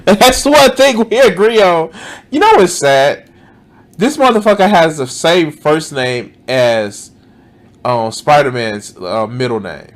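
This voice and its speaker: A man reacting to a video, his voice sitting slightly high and swinging widely in pitch. He speaks slowly, breaking off with exasperated curses and half-finished thoughts. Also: animated. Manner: exasperated, swearing, trailing off. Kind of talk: reaction commentary.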